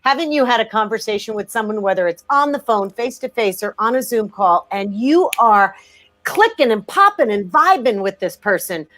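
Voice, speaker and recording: A woman's voice: a little high, expressive, moderate pace, a bit bright. Blunt, emphatic woman sales author. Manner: emphatic, blunt, frequent restarts. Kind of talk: conversational interview.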